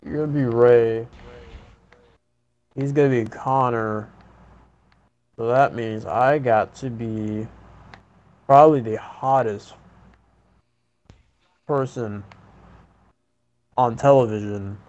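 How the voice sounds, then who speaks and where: A man's voice: mid-range voice, fairly even intonation, slow pace, long pauses, darkish tone. A man trading jokes and laughing with friends while they play a video game. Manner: joking, swearing, laughs often. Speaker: gamer. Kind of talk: casual gaming banter. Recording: dull lo-fi stream audio.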